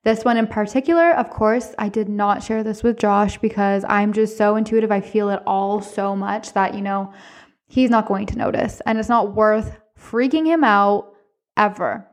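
A woman hosting a podcast, telling personal stories in a casual, expressive way with frequent laughter. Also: medium pitch, normal speed. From Canada. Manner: expressive, chatty, laughs often; speaks candidly, with some swearing. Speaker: podcast host.

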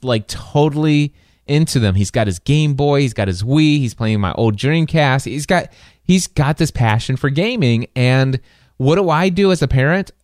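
A man's voice: medium pitch, darkish tone, no echo, clean studio sound. A man in his forties hosting a podcast, chatting loosely and laughing at his own slips. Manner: chatty, rambling, laughs at himself. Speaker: podcast host. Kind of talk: casual chat.

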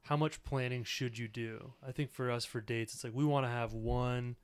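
Earnest man with a smooth voice. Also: mid-range voice, fairly even intonation, moderate pace, no room sound. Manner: earnest, reflective, many "like" fillers. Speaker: podcast host. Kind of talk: casual conversational podcast.

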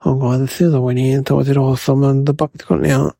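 A man's voice: mid-range voice, little pitch movement, quick pace, vocal fry, warm tone, no room sound. A man voicing a mischievous, chatty young boy who rambles to the viewers in a comedic monologue. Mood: rambling. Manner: rambling, addresses viewers as guys.

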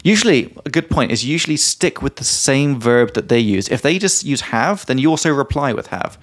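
A man's voice: mid-range voice, a little fast. Casual man explaining English grammar. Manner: explains grammar with examples, relaxed, swears casually. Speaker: podcast co-host and English teacher. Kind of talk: casual teaching chat.

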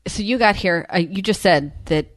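A woman with a lowish voice tells a story on a casual podcast. The sound is close and dry. She recounts events in an easy, conversational way. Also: moderate pace, no room sound. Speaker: podcast co-host.

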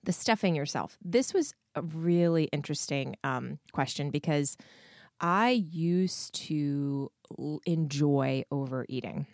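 Hoarse low-voiced woman podcast host. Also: takes it slowly, a little mellow, dry recording, clean studio sound. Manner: candid, swears freely, frequent likes and ums. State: hoarse, froggy. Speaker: podcast host and weight loss coach. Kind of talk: casual answers to listener questions.

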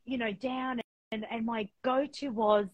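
A middle-aged woman, a podcast guest, speaking frankly and in an animated way as she tells her own story in a candid interview. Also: on the high side, measured pace, dry recording, highs cut off.

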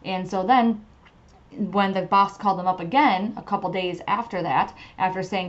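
A woman's voice: mid-range voice, moderate pace, dull audio. Chatty woman spiritual podcast host. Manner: chatty, frequent fillers like "you know". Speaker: podcast host and tarot reader. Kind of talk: casual spiritual advice and storytelling.

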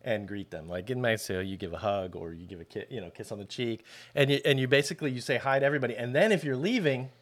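A man's voice: medium pitch, quick pace, hardly any pauses. A man chats easily on a podcast in a mid-range voice. His talk is loose and rambling, with many small fillers. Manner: relaxed, loose, full of "like" fillers. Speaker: podcast co-host. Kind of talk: casual podcast chat.

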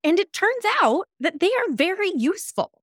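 A woman hosting a solo self-help podcast, talking in a lively coaching tone. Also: very high voice, moderate pace, no room sound, clean studio sound. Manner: lively coaching tone, acts out imagined reactions. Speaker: podcast host.

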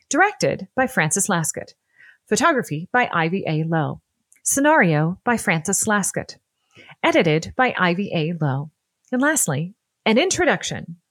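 A woman narrating a scripted history podcast in an expressive, playful way. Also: lowish voice, breathy edge, dry recording. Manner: expressive and playful, laughs often.

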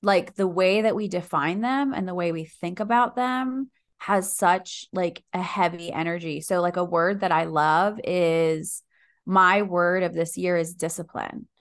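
Animated woman telling her story. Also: lowish voice, measured pace. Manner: animated, swears freely, acts out her own inner voice. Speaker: podcast guest. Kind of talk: casual storytelling.

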